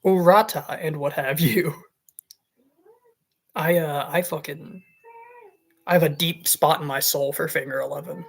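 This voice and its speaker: Woman streamer, low husky voice, slow and rambling, soft music behind. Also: fairly even intonation. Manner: rambling, swears, baby-talks to her cat. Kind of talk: casual stream chat.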